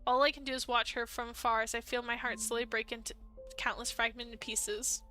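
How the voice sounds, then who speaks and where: A woman narrating as a heartbroken young man in a dating game, soft and subdued. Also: a little high, level tone, fairly quick, soft background music.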